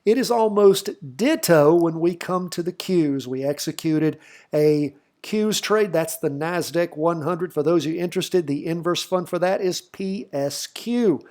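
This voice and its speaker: A man's voice: fairly high pitch, unhurried, a little mellow. A middle-aged man with a slight Southern accent, giving folksy, chatty market commentary as host of a trading channel. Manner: folksy, chatty, thinks aloud with fillers. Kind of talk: casual market commentary over charts.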